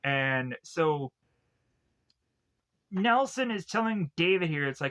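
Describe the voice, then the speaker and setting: Young male reviewer, a little high, loose and jokey, chatty scene-by-scene recap. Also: animated, takes it slowly, pauses often, a bit bright. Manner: rambling, jokey, laughs at his own jokes. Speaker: movie reviewer. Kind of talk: casual comedic recap with goofy quoted asides.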